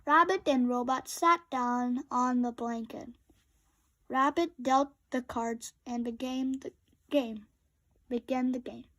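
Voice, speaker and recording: Brief: woman storybook reader, kids' read-aloud, unhurried, gentle delivery. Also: sits high, fairly even intonation. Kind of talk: children's book read-aloud.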